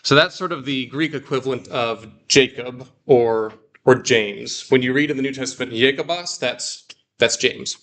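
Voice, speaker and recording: A man with a mid-range, fairly bright voice is teaching a Greek class. He explains things patiently and slows down to repeat words for his students.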